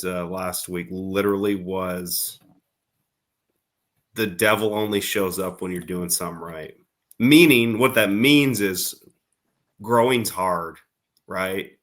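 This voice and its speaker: A man's voice: on the low side, a bit bright. A man co-hosting a podcast, joking with his co-host and then giving motivational advice about growth. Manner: teasing, motivational, builds points with examples. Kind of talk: casual podcast chat.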